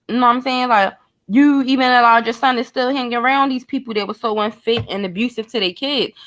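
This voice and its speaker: A woman's voice: fairly high pitch, fairly bright tone. A woman giving blunt, profane commentary, speculating and talking straight to her viewers in a casual vlog. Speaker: true crime commentator.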